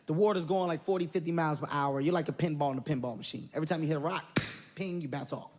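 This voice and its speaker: High-voiced animated stand-up comedian. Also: male voice, fast talker. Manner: animated, loud bursts, laughing at own story. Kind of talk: stand-up storytelling. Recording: live stage recording with audience noise.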